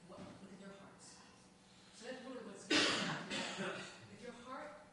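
A woman's voice: on the high side, normal speed. Woman heard from far off in an echoey room. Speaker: co-host. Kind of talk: conversational Bible discussion. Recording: echoey, distant, noisy room mic.

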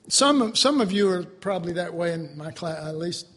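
A man preaching a sermon to his class, animated, swinging between loud outbursts and quiet asides. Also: sits high, moderate pace, long reverb tail. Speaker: preacher teaching a Bible class.

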